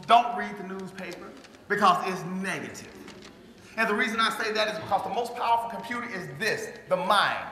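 A man giving a lively motivational speech to a live audience, drawing call-and-response from the crowd and acting out quoted voices. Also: high-pitched, a little hiss or hum. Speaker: motivational speaker. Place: large hall before an audience. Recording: echoey hall with long reverb.

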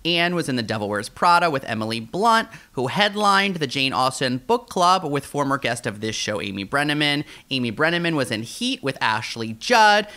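Bright, animated man podcast host. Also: mid-range voice. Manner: animated, fast riffing with many "like" fillers. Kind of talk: casual podcast chat.

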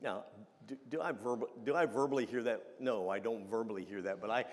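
A man delivers a sermon in a chatty, halting way, often restarting his sentences. His voice sits at a middle pitch. It rings out with the long reverb of a church sanctuary. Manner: conversational, halting with many restarts. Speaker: pastor.

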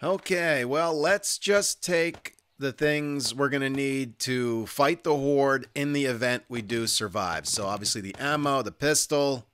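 A man's voice: medium pitch, unhurried, hardly any pauses, a bit bright, clear, resonant tone. Wry, muttering gaming man. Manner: wry, self-mocking, mutters to himself. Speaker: gaming YouTuber. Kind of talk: casual let's-play commentary.

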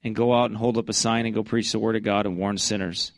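A man preaching a fervent Baptist sermon, swinging from conversational asides into loud, high-pitched bursts of scripture. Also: fairly even intonation, fast, no room sound.

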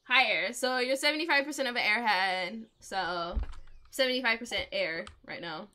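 A woman's voice: a little high, moderate pace, sharp tone. A young woman streaming a game, chatting to viewers in a giggly, rambling way and telling stories. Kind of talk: casual live-stream chat while gaming.

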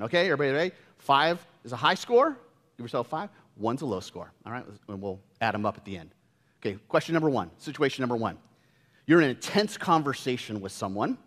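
A man preaching a sermon from the front of a church, his voice swinging up and down with animated energy. He teases and questions his listeners in a playful way. The sound carries a long, reverberant church-hall tail. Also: medium pitch. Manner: lively, playful, engages the congregation with questions. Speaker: pastor. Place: church sanctuary.

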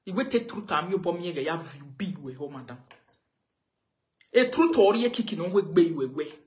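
A woman's voice: lowish voice, lively intonation, moderate pace, a little mellow. Scolding Nigerian woman on a rant. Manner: scolding, repeats pointed questions. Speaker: live video blogger. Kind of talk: confrontational live rant.

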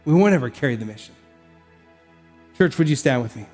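A man's voice: mid-range voice, expressive, fairly quick, pauses often, a little mellow. A man preaching as pastor, emphatic and exhorting, speaking straight to his congregation and leading a closing prayer. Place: church service. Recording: reverberant church hall with faint worship music.

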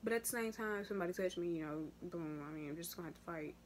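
A young woman vlogger telling a casual story to her viewers, slangy and animated, with big jumps in pitch and loudness. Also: fast, a little hiss or hum. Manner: addresses viewers as y'all. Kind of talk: casual story time vlog.

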